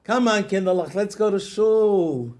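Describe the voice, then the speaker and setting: A man's voice: high-pitched, sing-song, moderate pace, voice pushed up. A man voicing a cheerful, always-smiling man. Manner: warm, upbeat greetings.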